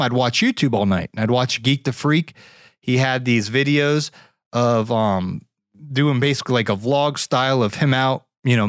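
A podcast host with a medium-pitched voice tells a story in a casual, reflective and grateful way, full of fillers and restarts. The recording is dry and studio quality.

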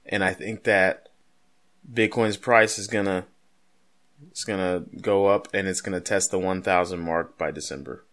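Low-voiced male co-host, loose and jokey, rambling delivery. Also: fairly even intonation, normal speed, a bit bright. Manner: joking, rambling, pop-culture asides. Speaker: podcast co-host. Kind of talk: casual chat.

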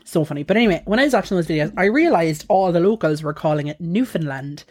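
A woman with an Irish accent, co-hosting a podcast in chatty, animated storytelling with frequent laughs. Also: fairly low pitch, fast talker, crowd noise. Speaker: podcast co-host. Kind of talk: casual chat.

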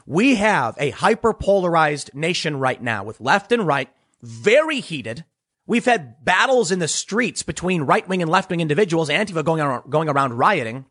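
A man with a high voice hosts an opinionated political commentary show. He swings widely up and down in pitch and speaks with emphasis, often repeating words as he presses his argument. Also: sing-song, moderate pace, a bit bright, husky.

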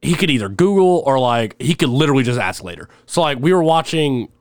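A young man with a middle-pitched voice rambles through stories, laughing as he goes. He talks loosely and casually. The sound is close and dry, like a home podcast mic. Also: brisk, clear, resonant tone, no echo. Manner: rambling, laughs often, animated when telling stories. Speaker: podcast guest. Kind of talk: casual storytelling chat.

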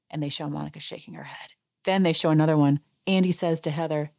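A woman with a slightly low voice hosts a podcast, recapping reality TV in a loose, chatty way. She acts out quoted lines with sudden lively leaps in her voice before settling back into her easy talk. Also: a little fast. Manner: chatty, reenacts quotes with animated voice jumps. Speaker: podcast host. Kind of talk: casual recap chat.

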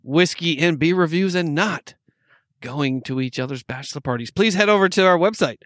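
A man's voice: fairly high pitch, normal speed, a bit bright, no room sound, studio quality. A man with an upstate New York accent co-hosting a casual podcast, joking, laughing often and rambling through restarts. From New York State. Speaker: podcast co-host. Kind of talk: casual chat.

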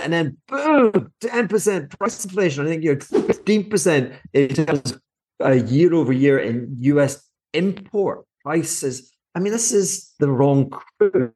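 A man's voice: a little high, a little slow. A middle-aged man and former fund manager giving cranky, mocking commentary on a TV interview he is watching. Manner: mocking, cranky, animated asides. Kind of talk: sarcastic reaction commentary.

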